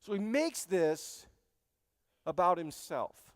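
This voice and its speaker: A man preaching a sermon as pastor, animated and joking, speaking straight to his congregation in a church. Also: high-pitched, slow pace, dry recording, clean studio sound, long reverb tail. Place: church sanctuary.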